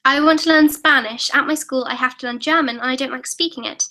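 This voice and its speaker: A teenage girl chats through a live stream from her computer webcam. Her voice sits high and sounds bright and crisp. She reads out viewer questions and answers them in a giggly, self-deprecating way, tripping into quick restarts. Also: poor audio. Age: teens. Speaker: YouTuber hosting a live Q&A. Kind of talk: casual live-stream chat, reading viewer comments aloud.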